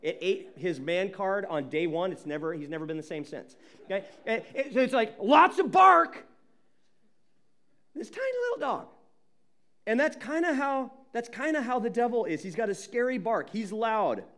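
A man preaching a sermon as pastor, emphatic and animated, often repeating words as he builds. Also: sits high, normal speed.

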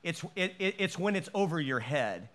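High-voiced animated male preacher. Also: moderate pace. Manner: animated preaching with stammered restarts and voiced quotes. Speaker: pastor. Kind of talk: sermon.

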